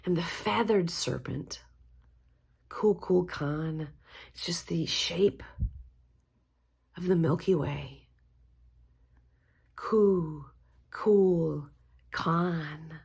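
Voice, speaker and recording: Low, husky woman guiding mantras. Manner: gentle, unhurried, encouraging. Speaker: spiritual teacher. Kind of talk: guided mantra practice.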